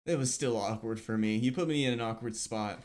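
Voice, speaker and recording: A man's voice: lowish voice, a little fast. A young man co-hosting a casual podcast with a friend, telling stories with lots of laughter. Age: young adult. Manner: laughing, animated storytelling with mimicked voices. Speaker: podcast co-host. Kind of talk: casual chat. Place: apartment room.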